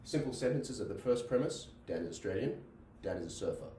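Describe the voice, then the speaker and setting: Guy teaching logic in a classroom, lowish mellow voice, keeps saying right?, roomy echo from across the room. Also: animated, fairly quick, a little hiss or hum. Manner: repeats himself, checks in with "right?". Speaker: logic lecturer. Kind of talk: classroom lecture. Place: classroom with a board. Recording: echoey room, mic at a distance.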